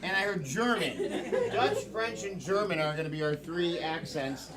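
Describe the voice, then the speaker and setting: A man with a fairly high voice hosts a live improv show, upbeat and full of ums. An audience laughs loudly in the room. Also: very animated, a little slow, crowd noise.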